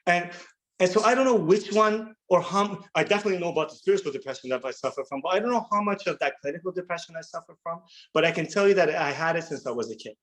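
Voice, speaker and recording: A man in his thirties sharing his recovery story at a workshop, earnest and halting, often repeating words as he restarts. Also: sits high, fairly bright tone, rough recording. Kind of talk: personal recovery share.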